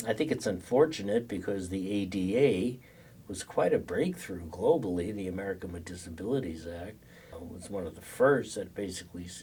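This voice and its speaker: An older man lectures to a class in a loose, conversational way, often stopping and restarting. His voice is deep and a bit husky. He sounds set back from the microphone. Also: a little mellow, distant mic. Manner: conversational, many fillers and restarts. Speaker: social work professor lecturing.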